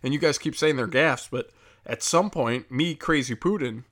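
A man's voice: mid-range voice, moderate pace, a bit bright. A young man doing a profane, heated ranting monologue as a comedian podcast host, slipping into mocking quoted voices.

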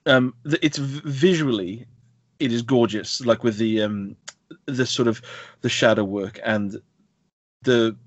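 A man co-hosting a podcast, chatting casually about games in a rambling, animated way full of fillers and restarts. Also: medium pitch, unhurried, pauses often, no room sound, dull audio. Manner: rambling, many fillers and self-corrections, animated. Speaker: podcast co-host.

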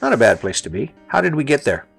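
A man's voice: medium pitch, big pitch swings, quick pace, vocal fry, slightly rough, no room sound, faint music behind. A middle-aged man giving a motivational talk as host, earnest and conversational, repeating phrases for emphasis.

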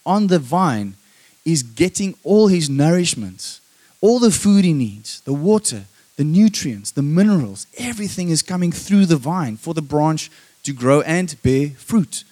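A man preaching a sermon, emphatic and calling for amens, moving between loud stressed lines and soft hushed passages. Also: on the high side. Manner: emphatic, calls for "Amen?" from the congregation.

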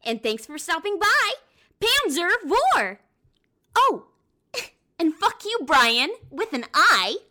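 A woman voicing a cheerful young anime schoolgirl tank commander in a recorded shout-out clip, with a bubbly, giggly delivery. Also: extremely high pitch, big pitch swings, slow pace, long pauses, full character voice.

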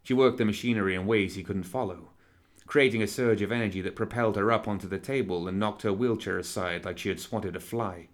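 A man narrating a novel with a low, steady delivery. He paces the descriptive passages evenly and keeps his tone measured throughout. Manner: measured, even storytelling. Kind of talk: audiobook narration.

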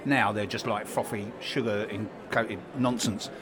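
Male host, chatty and upbeat, handheld mic, loud crowd chatter behind. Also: on the low side, fairly even intonation, a little slow. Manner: chatty, enthusiastic, eating while talking. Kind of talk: casual interview chat. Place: trade show hall. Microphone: handheld microphone.

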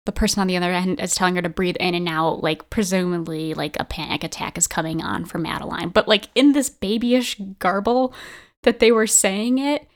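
A woman's voice: fairly low pitch, fairly even intonation, brisk. A woman in a casual game discussion, talking hesitantly with many fillers. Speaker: podcast panelist.

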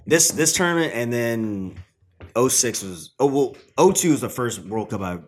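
A man's voice: medium pitch, expressive, moderate pace. A young man in a casual chat, rambling with lots of fillers and the odd swear word.

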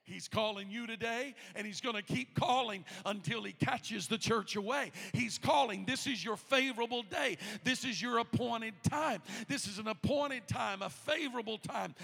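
A man preaching in a church sanctuary, his voice very high and gravelly with a bright, tense edge. He swings from hushed storytelling to loud, shouted appeals. A long reverb from the hall trails every phrase. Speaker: pastor. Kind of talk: sermon.

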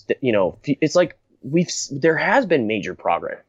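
A man's voice: mid-range voice, very animated, moderate pace, few pauses, dry recording. A young man hosting a casual podcast chat, rambling and blunt, laughing often and restarting his sentences. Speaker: podcast host. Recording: dry, dull lo-fi recording.

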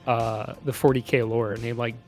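A man talks loosely through a casual podcast chat, with lots of "like" and "uh" as he goes. His pitch sits in a middling range. Soft music plays faintly underneath. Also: level tone, moderate pace. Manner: chatty, loose, full of "like" and "uh" fillers. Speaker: podcast co-host. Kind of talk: casual chat about a movie.

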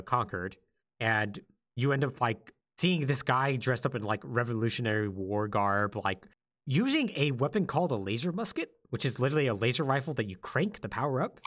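A man on a casual podcast who swoops up and down as he tells a story. His pitch is mid-range and he jumps into the lines of each character as he goes. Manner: animated storytelling, acts out quotes. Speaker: podcast co-host.

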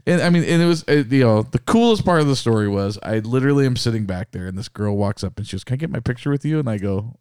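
A man's voice: fairly low pitch, animated, quick pace, few pauses, darkish tone, smooth, no echo, clean studio sound. A man co-hosting a podcast who tells stories animatedly, swearing and acting out quotes. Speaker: podcast co-host. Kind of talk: casual storytelling chat.

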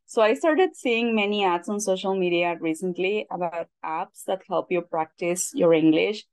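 Mexican-accented woman, low and dry. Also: normal speed, darkish tone, dry recording. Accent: Mexican Spanish. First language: Spanish. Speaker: panel guest. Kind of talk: casual panel conversation.

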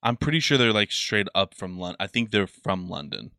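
Forceful, profane podcast guy, dry mic. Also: lowish voice, lively intonation, moderate pace, clear, resonant tone, no echo. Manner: rambling and profane, lots of filler "like". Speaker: podcast co-host. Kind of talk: casual chat.

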